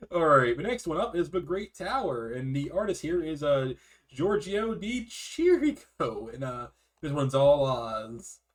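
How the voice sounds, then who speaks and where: A man's voice: a little high, measured pace. A man co-hosting a casual art history chat, reading aloud with restarts and swearing. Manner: animated, swears, trails off mid-sentence.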